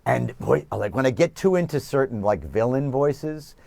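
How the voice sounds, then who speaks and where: Casting: animated, self-mocking New York man, expressive pitch, dry close sound. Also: moderate pace, creaky, no room sound. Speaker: guest. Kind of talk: remote TV interview.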